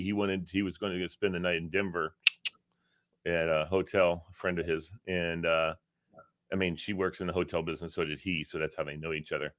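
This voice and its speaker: Man from Virginia, casual talk show co-host, animated storyteller, bright tense voice, dry sound. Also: sits low, no room sound. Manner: animated, acts out quotes, laughs often. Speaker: podcast co-host.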